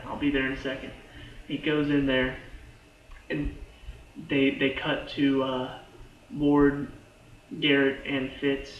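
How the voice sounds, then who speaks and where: A man's voice: mid-range voice, fairly bright tone. Man rambling through a TV recap. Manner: rambling, full of "like" and restarts. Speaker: TV show reviewer. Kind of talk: casual episode recap. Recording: echoey room, dull lo-fi sound.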